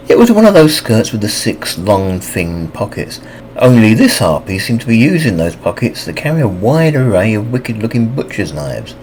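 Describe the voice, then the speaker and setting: A man narrating a fantasy audiobook with expressive, scripted reading. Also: a little hiss or hum, poor audio. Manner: expressive reading with lively pitch.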